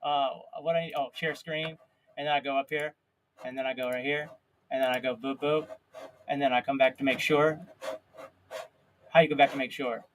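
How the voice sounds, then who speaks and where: A man's voice: mid-range voice, steady tone, normal speed, long pauses. A man co-hosting a live stream, chatting in a playful, rambling, jokey way. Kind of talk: casual comedic chat.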